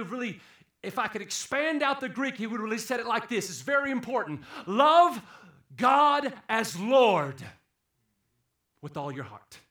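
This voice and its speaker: A man preaching a sermon, swinging from hushed, low passages to loud, emphatic peaks. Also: roomy sound. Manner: dramatic swings from hushed to shouting.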